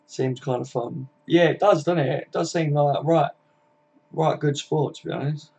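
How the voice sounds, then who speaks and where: A man's voice: fairly high pitch, moderate pace, vocal fry, darkish tone, slightly rough. A man with a Scouse accent chatting bluntly on a live fan stream, reading viewers' comments out and swearing freely. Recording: dull lo-fi stream audio.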